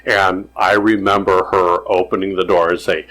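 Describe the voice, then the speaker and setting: A man co-hosting a podcast, telling animated family anecdotes in casual chat and laughing at his own stories. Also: low-pitched, moderate pace, low-quality recording. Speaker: podcast co-host.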